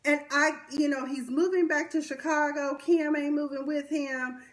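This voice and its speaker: A young woman vlogger delivers a blunt, sassy, exasperated commentary recap full of slang and asides. Her high-sitting voice keeps fairly even intonation at a moderate pace, picked up by a webcam or phone mic during a livestream.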